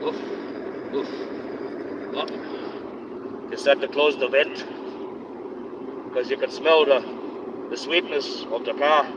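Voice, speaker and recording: A man live-streaming while driving on a highway, giving rambling, opinionated commentary in a put-on accent. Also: fairly even intonation, slow, long pauses. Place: inside a moving car on a highway. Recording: dull lo-fi sound with road noise. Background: engine and road noise.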